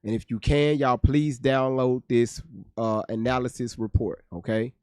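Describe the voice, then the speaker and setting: A man's voice: medium pitch, steady tone, measured pace, darkish tone, clean tone, no room sound, studio quality. A man hosting a casual livestream, joking and cursing as he reads viewers' chat aloud. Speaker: livestream host reacting to news.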